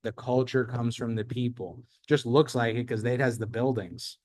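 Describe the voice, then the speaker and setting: Energetic man giving a workshop talk. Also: mid-range voice, normal speed, no echo. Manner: energetic storyteller, acts out quotes. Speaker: host. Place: event space.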